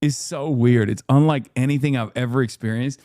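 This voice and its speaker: A man's voice: medium pitch, fairly even intonation, fairly quick, mellow, no room sound. Sarcastic, profane male streamer, dry mic. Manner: crude, sarcastic, laughing often. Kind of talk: live stream reaction commentary.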